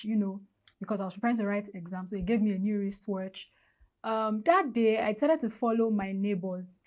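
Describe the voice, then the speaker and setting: A woman's voice: mid-range voice, a little mellow. A woman in her thirties from Nigeria, with a Nigerian accent, chatting through a storytime vlog on a lavalier mic. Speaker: vlogger.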